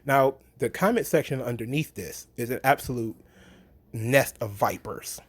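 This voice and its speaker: A man's voice: medium pitch, normal speed, husky. A man in a casual opinion rant about wrestling, blunt, sarcastic and profane. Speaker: wrestling commentary vlogger.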